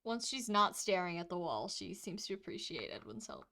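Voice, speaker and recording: A woman's voice: on the low side, sing-song, normal speed, pushed and bright. Woman gm narrating a tabletop game, playful, giggly. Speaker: game master.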